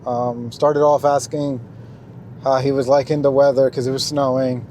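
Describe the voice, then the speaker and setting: A man's voice: mid-range voice, little pitch movement, normal speed, mellow, slight background noise. A young man earnestly telling a personal faith testimony in casual speech, with frequent ums and you-knows. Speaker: Christian testimony vlogger.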